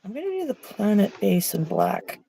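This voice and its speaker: A woman's voice: medium pitch, very animated, moderate pace, creaky, dark tone, rough recording. A woman co-hosting an art stream over a video call, chatting casually and emotionally as she paints, swearing now and then. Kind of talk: casual chat while painting.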